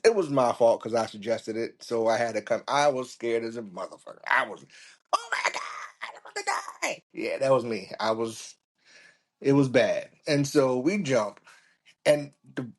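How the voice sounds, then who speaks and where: A man hosting a podcast, telling a story casually and swearing often, with frequent laughs. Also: medium pitch. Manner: profane, laughing, lively. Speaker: podcast host.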